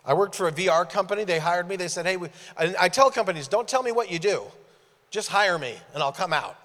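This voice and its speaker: A man preaches to a church congregation, voice slightly higher than most men's. He tells his stories with animation and acts out every dialogue. His voice carries a long reverb tail from a large hall. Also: lively intonation, quick pace, a bit bright. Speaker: guest preacher. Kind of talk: sermon storytelling. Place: church sanctuary.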